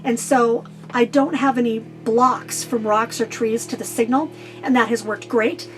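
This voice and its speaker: A middle-aged woman vlogger answering viewer questions about her life on the road, talking fast and getting straight to the point. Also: a little high, fairly even intonation, music in the background. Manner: fast, to-the-point talker who cuts out filler. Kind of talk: casual direct-to-camera Q&A.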